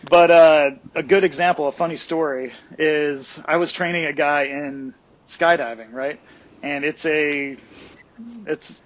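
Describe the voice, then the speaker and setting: Chatty guy, kinda high voice, keeps saying right?, dull lo-fi recording. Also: fairly even intonation, a little slow. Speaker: guest. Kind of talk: casual podcast storytelling. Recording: dull lo-fi sound.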